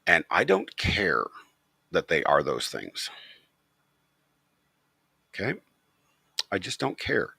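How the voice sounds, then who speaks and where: A man's voice: sits low, creaky, fairly bright tone, husky, no room sound, clean studio sound. A man hosting his channel, talking straight to the camera in a blunt, profane, opinionated rant. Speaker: channel host.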